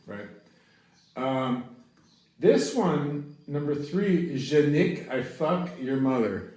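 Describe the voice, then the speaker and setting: An American man giving a casual, profane French lesson, rambling with laughs and shouting out example curses. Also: medium pitch, measured pace, echoey room. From United States. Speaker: French teacher.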